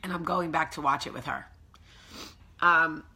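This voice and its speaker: A woman's voice: sits low, steady tone, a little slow, pushed and bright, breathy edge. A woman with a New Jersey accent hosting a casual morning vlog at home, chatty and emphatic. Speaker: host.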